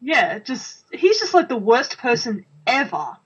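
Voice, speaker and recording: Film co-host: woman, fairly high husky voice, sarcastic and giggly, dull lo-fi audio. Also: sing-song. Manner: giggly, sarcastic, quick to laugh. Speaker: movie watch-along co-host. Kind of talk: casual commentary over a film.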